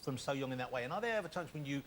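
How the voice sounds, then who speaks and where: A middle-aged man hosting a TV chat show, joking and asking questions briskly. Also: medium pitch, expressive. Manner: jokey, brisk interviewer. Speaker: talk show host. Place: TV studio with live audience. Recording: VHS TV recording, loud crowd and hiss.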